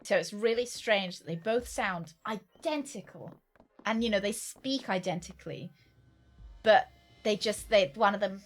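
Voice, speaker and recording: A woman's voice: medium pitch, moderate pace, soft background music. A woman streaming a game, chatting casually with her viewers and often restarting her sentences. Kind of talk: casual chat while gaming.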